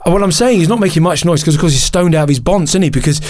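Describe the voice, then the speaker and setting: A man, a podcast guest, telling a candid personal story in an animated, emotional way, often restarting and laughing at himself. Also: a little high, very fast, crowd noise.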